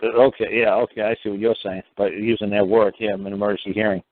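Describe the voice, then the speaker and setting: A man's voice: fairly low pitch, little pitch movement, fast talker, no room sound. A man hosting a call-in show, blunt, profane and lecturing as he answers callers. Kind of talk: call-in radio talk. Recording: dry, tinny phone-line sound.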